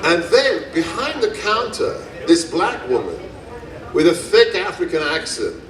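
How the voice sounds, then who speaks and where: A man's voice: high voice, big pitch swings, a little slow, noisy background. A man giving a rally speech at a festival, telling stories in an emphatic way and repeating phrases for effect. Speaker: speaker at a gun rights festival. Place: outdoor festival stage. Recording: echoey, distant PA sound.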